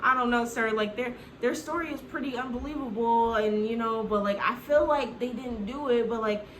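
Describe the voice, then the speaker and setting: A woman's voice: fairly high pitch, normal speed, lightly acted, low-quality recording. A woman voicing an unsure female police officer on the phone, rambling and hesitant.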